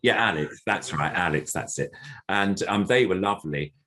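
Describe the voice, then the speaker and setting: With a low-pitched, slightly bright and expressive voice at moderate pace, an older puppeteer guest rambles through a casual anecdote. He fills it with fillers and acts out what other people said.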